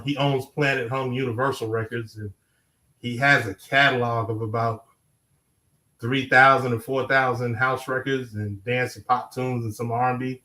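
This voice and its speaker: A man's voice: medium pitch, pushed and bright, low-quality recording. Laid-back New York man, laughing easily. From Harlem, New York. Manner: laid-back, laughs often, quick asides. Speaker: guest, musician and producer. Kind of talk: casual interview.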